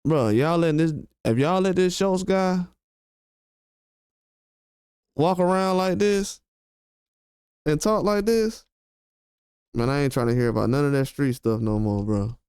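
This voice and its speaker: Heated man ranting, smooth dry voice. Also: a little high, normal speed, darkish tone, no room sound. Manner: heated, slangy, emphatic, repeats himself. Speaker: commentary channel host. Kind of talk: casual commentary rant.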